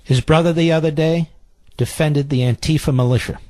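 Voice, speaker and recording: A man's voice: a little high, steady tone, fairly quick, dark tone, no echo. A middle-aged man hosting political talk radio, indignant and repeating phrases for emphasis. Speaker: radio talk show host.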